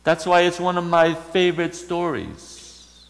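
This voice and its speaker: A man's voice: a little high, measured pace, creaky, big-room sound, low-quality recording. A man preaching a sermon, retelling a story and asking rhetorical questions.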